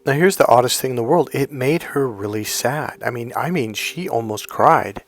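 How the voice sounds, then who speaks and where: A man coaching on dating tells a story from his own life in a lively, talkative way. His pitch sits mid-range, and he leaps up high whenever he quotes his girlfriend. Faint music runs under his voice. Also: moderate pace. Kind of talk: storytelling monologue.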